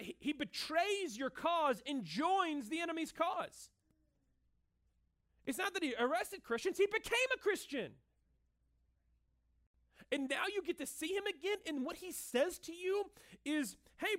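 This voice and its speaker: A male pastor preaching a sermon in a lively, conversational, joking manner, in a room with an audience. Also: extremely high pitch. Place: room with cameras and a listening crowd.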